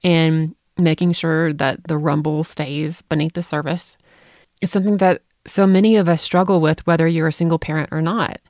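A woman's voice: low-pitched, normal speed, dry recording, clean studio sound. A middle-aged woman, a podcast co-host, telling a family story in casual chat and acting out the voices she quotes. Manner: animated, acts out quoted voices.

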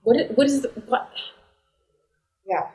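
A woman's voice: a little high, a little slow. A woman chatting casually as a podcast co-host, telling stories with lots of animation and frequent laughter. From United States. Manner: animated storytelling, laughing often. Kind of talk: casual chat. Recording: roomy echo.

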